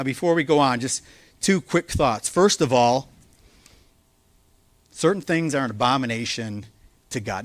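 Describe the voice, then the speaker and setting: A male pastor preaching a sermon, earnest and emphatic, slowing down to stress key words. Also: medium pitch, a bit bright, no room sound. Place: church.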